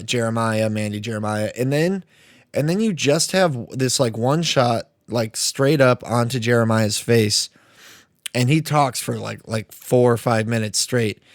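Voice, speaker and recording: A man's voice: medium pitch, dry recording, clean studio sound. Rambling young man on a podcast. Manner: rambling, filler-heavy, swearing. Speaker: podcast co-host. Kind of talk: casual chat about movies.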